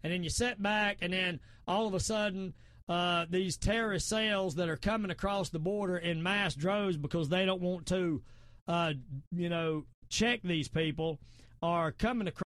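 A man's voice: high voice, normal speed, fairly bright tone, no echo, clean studio sound. A middle-aged man with a Southern accent, hosting a talk show in a fervent, preachy way, repeating his points and quoting scripture. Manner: repetitive, emphatic, quotes scripture. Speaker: podcast host.

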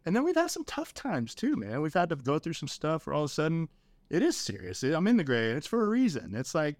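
A man's voice: fairly high pitch, wildly swooping pitch, quick pace, dry recording. Earnest, emotional middle-aged man. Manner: earnest, emotional, often says "man" and "dude". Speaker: podcast guest. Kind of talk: candid podcast conversation.

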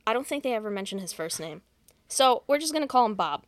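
A woman on a podcast recaps a film scene by scene in a casual, swearing, deadpan way. Her voice sits somewhat high, and the sound is close and dry with no room echo. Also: quick pace. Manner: profane, deadpan plot retelling. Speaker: podcast host. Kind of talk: casual movie recap chat.

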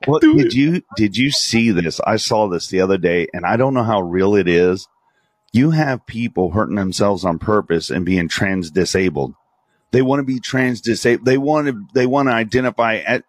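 A man hosting a casual podcast chat who jokes around, laughs easily and asks blunt questions. His pitch moves around a lot, and the sound is close and dry with no room echo. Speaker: podcast host.

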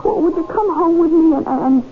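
A worried, chatty wife stammers and restarts in a fairly high voice, in 1970s radio drama style. It comes through thin and tinny like an old broadcast, with a faint hiss. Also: female voice, moderate pace. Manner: hesitant, stammering, nervous restarts. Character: anxious wife of a changed man, chatty.

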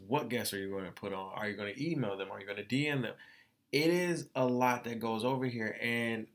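In a tearful, profane outpouring on his podcast, a young adult male host speaks candidly and emotionally, repeating phrases as he vents. His voice is lowish with a bit of brightness.

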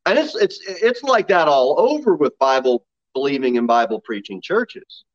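Male pastor, lively pitch swings, folksy sermon delivery, muffled lo-fi recording. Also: moderate pace. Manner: folksy, laughing asides between scripture readings.

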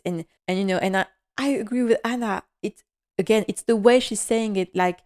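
A woman's voice: fairly high pitch, moderate pace. Woman animatedly recapping a TV episode. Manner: animated, acts out characters' lines, laughs often. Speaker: podcast host.

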